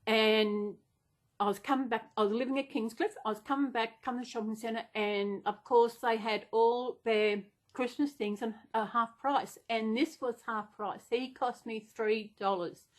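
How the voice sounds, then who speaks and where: A woman talking off the cuff to her vlog audience. Her voice sits a little high, and she rambles and gushes, gasping and restarting her sentences. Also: steady tone, normal speed. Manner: rambling, gushing with many gasps and restarts. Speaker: vlogger. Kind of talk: casual unplanned chat.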